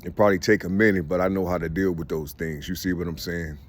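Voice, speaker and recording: A middle-aged man talking in a casual, halting monologue, full of fillers and repeated "you see", swearing freely. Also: sits low, steady tone. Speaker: vlogger.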